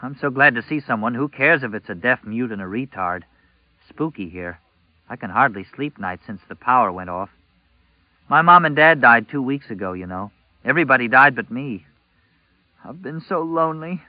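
A man voicing a brash, needy teenage girl in an audiobook, raising his voice into a drawling, breathy girlish tone. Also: medium pitch, animated, moderate pace, dry recording, lo-fi sound, natural voice. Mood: lonely.

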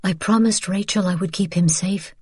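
A woman's voice: medium pitch, moderate pace, a little mellow, slightly rough, no echo, studio quality, voice pushed up, lightly acted. A woman reading the part of a young mother who speaks earnestly and pleads with feeling. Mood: earnest pleading.

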